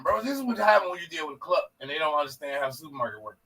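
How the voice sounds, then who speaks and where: A man co-hosting a podcast, telling a profane, animated story in casual chat and acting out the people in it. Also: high-pitched, very fast, gravelly, slightly rough, far from the mic, rough recording. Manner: animated, profane, acts out quoted voices. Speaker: podcast co-host.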